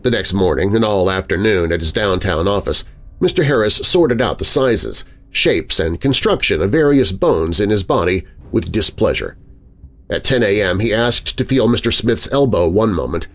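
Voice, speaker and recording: Male narrator, dramatic audiobook reading, lively melodic delivery, faint music underneath. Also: lowish voice, moderate pace. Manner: expressive, lingering on vivid words.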